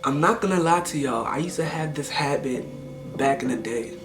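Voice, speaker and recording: A young man in his twenties talks casually to his camera. His voice is soft and low, so quiet it almost sounds whispered. He tells his stories in a shy, relaxed, slangy way over faint background music. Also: normal speed. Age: 20s. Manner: shy, laid-back slangy storytelling. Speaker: YouTuber. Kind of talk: casual vlog chat.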